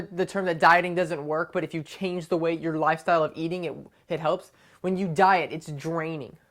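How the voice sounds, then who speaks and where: A woman giving a short, conversational devotional talk to camera, often checking in with "right?". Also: on the low side. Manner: conversational, keeps asking "right?". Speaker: devotional speaker.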